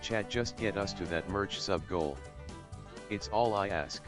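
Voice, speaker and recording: A male text-to-speech voice reading viewer messages in an even, mechanical way. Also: sits low, a little slow, music in the background. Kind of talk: synthetic reading of donation messages.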